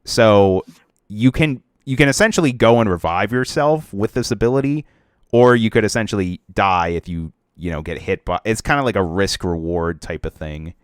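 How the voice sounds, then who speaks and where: A man's voice: lowish voice, animated, normal speed, clean tone, no echo, studio quality. A young man co-hosting a casual podcast about video games, rambling with lots of fillers and restarts. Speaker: podcast co-host.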